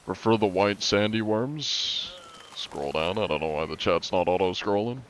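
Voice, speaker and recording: A young man streaming a game live, chatting in a relaxed way and answering his chat while he plays. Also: low-pitched, normal speed, a little hiss or hum.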